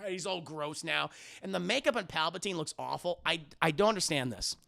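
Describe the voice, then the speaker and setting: An animated man riffs through a film on a livestream, swearing and laughing as he goes. His voice sits high and jumps around a lot. It is bright and heavily gravelly. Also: fairly quick. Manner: animated, profane, laughs often. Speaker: live-streaming film reviewer. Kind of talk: casual livestream film commentary.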